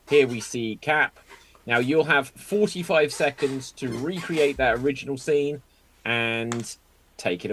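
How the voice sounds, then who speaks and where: An upbeat man hosts an online improv show, announcing each game. He speaks at a mid pitch over a video call. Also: fairly bright tone, a little hiss or hum. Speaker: host.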